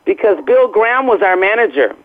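A woman's voice: mid-range voice, expressive, fairly quick. An older woman, a guest singer, chatting candidly on a phone call from outdoors and laughing often. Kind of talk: casual chat by phone. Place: outdoors, planes overhead. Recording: tinny phone line.

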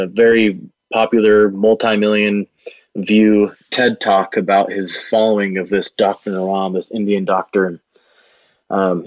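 A man's voice: on the low side, dry recording, highs cut off. A man who runs a video production business, telling a long story in an interview with an earnest, rambling manner and many restarts.

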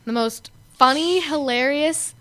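Young girl, co-host, high voice, giggly, casual kids' radio chat. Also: a little slow, sharp tone. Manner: giggly, mimics voices while retelling videos.

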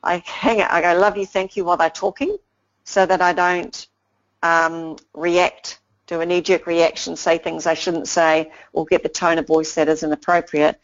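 A woman's voice: lowish voice, little pitch movement, moderate pace. A woman inspirational speaker giving an earnest motivational talk, repeating simple phrases, on a slightly dull lo-fi recording.

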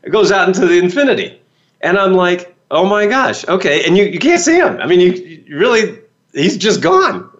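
A man's voice: high voice, sing-song, normal speed, a bit bright, lo-fi sound. A man, a motivational speaker, telling a story in a podcast talk and acting out his own frightened reactions.

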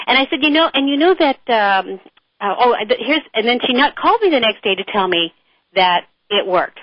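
A middle-aged woman guest telling frank stories in a lively conversational interview. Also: a little high, brisk, no room sound. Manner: animated storyteller, frank and chatty. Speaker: author and guest. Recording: dull dry lo-fi sound.

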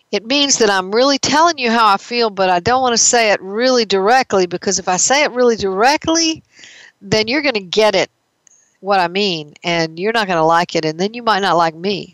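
A woman's voice: medium pitch, fairly bright tone, dry recording, poor audio. Conversational woman therapist, dry sound. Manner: conversational, explains with everyday examples. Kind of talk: explanatory talk on emotions.

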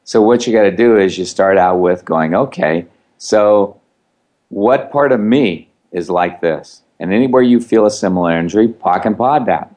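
A man's voice: lowish voice, normal speed, a little mellow. A man co-hosting, giving instructive advice with wry asides in a casual chat. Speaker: co-host.

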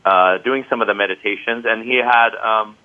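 A man's voice: lowish voice, fairly even intonation, moderate pace. A man who teaches qigong, speaking as an interview guest, enthusiastic and peppered with "you know". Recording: tinny phone-like line.

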